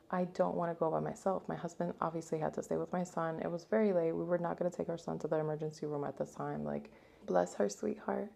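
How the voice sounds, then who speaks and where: A young woman tells a personal story to her camera in a loose, chatty way, acting out what others said. Her voice sits low and mellow, with a gravelly rasp, and she sounds shaken by the events. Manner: chatty, animated retelling full of "like". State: upset and shaken. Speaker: vlogger. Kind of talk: casual storytime vlog.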